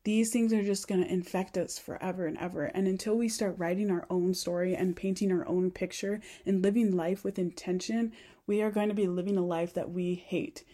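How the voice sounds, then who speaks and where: A woman's voice: on the low side, steady tone, fairly quick, dark tone. A young adult woman giving an earnest, rambling self-help monologue to camera, full of "like" fillers. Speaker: vlogger.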